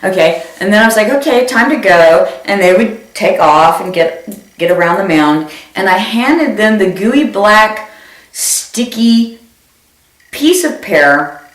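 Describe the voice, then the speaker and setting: A woman comedian tells a story on stage with a very lively voice that leaps up and down in pitch. She jumps into high squeals whenever she quotes someone. The sound is roomy and echoey, picked up from some distance. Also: slow. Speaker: stand-up comedian. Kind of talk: comic storytelling.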